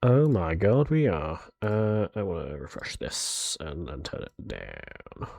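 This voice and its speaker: A man on a live stream talks in a rambling, chatty way, his lowish voice bouncing up and down as he greets his viewers. The sound is dry and close, with no room around it. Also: wildly swooping pitch, normal speed, creaky, a little mellow, dry recording. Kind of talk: casual live-stream chat.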